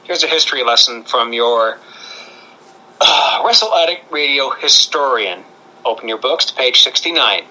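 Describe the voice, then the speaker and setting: A man's voice: mid-range voice, animated, moderate pace, pushed and bright, poor audio. A man co-hosting a podcast in casual chat, with jokey playful asides. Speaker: podcast co-host.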